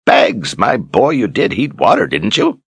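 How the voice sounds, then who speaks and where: A man voicing an eccentric old male wizard, gruff and commanding, who bellows his orders. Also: fairly low pitch, sing-song, measured pace, dry recording, pitched above the performer's own voice, exaggerated voice.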